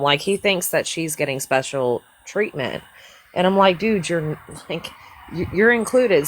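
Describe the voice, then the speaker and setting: Brief: deep-toned woman guest, easygoing profane chatter. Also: rough recording. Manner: profane, chatty, fond talk about her dogs. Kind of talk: casual livestream chat.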